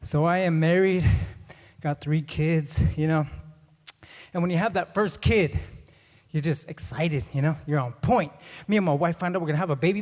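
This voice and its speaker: High-voiced man doing stand-up in a hall. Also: moderate pace. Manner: animated storytelling, acts out both sides of dialogues. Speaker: comedian. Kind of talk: stand-up comedy. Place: conference hall. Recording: live hall with long reverb.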